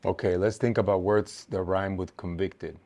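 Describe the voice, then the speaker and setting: Man, lowish voice, workshop instructor; patient, explanatory, thinks aloud with fillers. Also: little pitch movement, moderate pace, darkish tone. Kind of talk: teaching a workshop.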